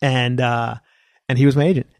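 Gravelly man telling rambling stories. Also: medium pitch, little pitch movement, moderate pace, darkish tone, no room sound, clean studio sound. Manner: rambling storyteller, full of fillers and restarts. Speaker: comedian guest. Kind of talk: casual podcast chat.

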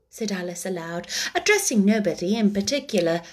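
A woman reading a children's book aloud, then chatting casually with animated, laughing asides. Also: medium pitch, measured pace. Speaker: storyteller.

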